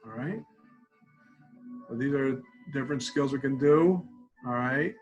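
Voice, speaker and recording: Calm older man coaching a tapping exercise. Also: mid-range voice, a little slow, highs cut off, faint music behind. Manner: calm instructive, often drops to quiet repeated phrases. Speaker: college student support clinician. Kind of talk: webinar teaching a tapping technique.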